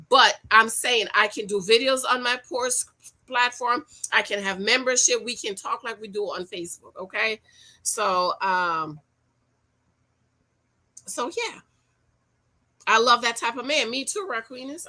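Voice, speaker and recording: A middle-aged woman hosting a casual livestream about dating, reading viewer comments, animated and repeating her points in slang. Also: a little high. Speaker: livestream host and dating coach.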